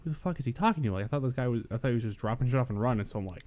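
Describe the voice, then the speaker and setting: A man's voice: medium pitch, animated, darkish tone. A man co-hosting a podcast, rambling through a story with lots of swearing and quoted asides. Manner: rambling, profane, quick to quote himself. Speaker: podcast co-host. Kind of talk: casual storytelling chat.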